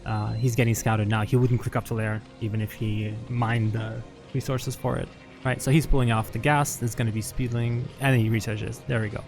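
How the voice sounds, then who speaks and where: A man's voice: medium pitch, little pitch movement, normal speed, creaky, over music. A man commentating a strategy game match at a live event, chatty and analytical with frequent laughs and fillers. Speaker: esports commentator. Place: venue at a LAN event.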